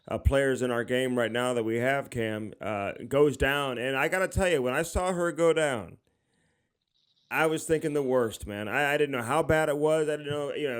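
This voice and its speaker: Podcast co-host, a man, middle pitch, joking mock-serious delivery, home studio. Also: smooth. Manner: joking, mock-earnest rambling. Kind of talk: casual podcast chat.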